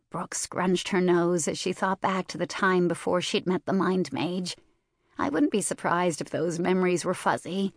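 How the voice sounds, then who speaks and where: A woman reads a first-person novel aloud in a low-pitched, measured voice. Her storytelling is steady and controlled. The recording is dry and close, with no room sound. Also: dry recording. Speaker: audiobook narrator. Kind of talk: first-person fiction narration.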